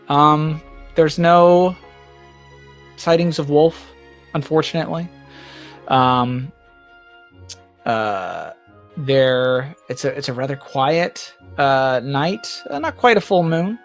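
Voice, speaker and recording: A woman running a tabletop game as game master, narrating loosely with many pauses and fillers. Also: low-pitched. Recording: dry with soft music behind.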